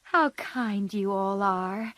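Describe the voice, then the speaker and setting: A woman's voice: mid-range voice, slow pace, a bit bright, no room sound. A woman voicing a caring, sensible young woman, the eldest sister. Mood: kind. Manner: kind, grateful.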